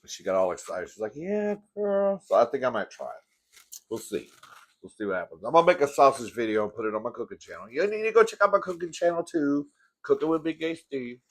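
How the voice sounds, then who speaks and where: A man's voice: medium pitch, very animated, fast talker. A man hosting an eating show, chatting campily and calling viewers "girl" between bites. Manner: chatty and campy, calls viewers "girl", eats between sentences. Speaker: mukbang host. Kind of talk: casual eating-show chat to camera.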